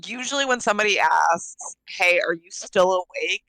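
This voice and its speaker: Wry, teasing woman with a gravelly voice. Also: medium pitch, moderate pace, pushed and bright, no echo, low-quality recording. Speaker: friend on a call. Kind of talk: casual chat.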